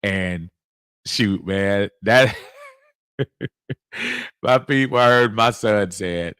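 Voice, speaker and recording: A middle-aged man hosting a casual sports livestream, reading out viewer comments in a lively, chuckling way. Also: lowish voice, extremely slow, pauses often, clear, resonant tone, no echo. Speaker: livestream host.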